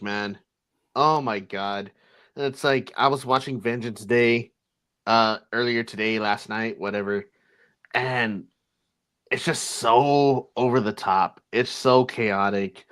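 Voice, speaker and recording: A man's voice: on the low side, slow pace, a bit bright, smooth. Laid-back male podcast co-host. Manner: laid-back, casual swearing. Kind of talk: casual chat.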